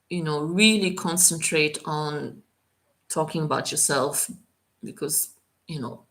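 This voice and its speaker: A woman teaching French on a live stream, talking in a relaxed, chatty way full of fillers. Her voice sits low and she takes her time. She slows right down to spell out careful French examples. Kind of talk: live Q&A tutoring session.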